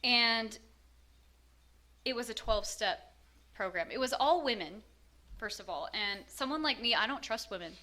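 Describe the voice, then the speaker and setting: A woman's voice: fairly high pitch, animated, normal speed, long pauses, bright, forceful tone. A woman telling her own story in a frank, self-mocking way, with lots of fillers. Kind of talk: candid personal storytelling.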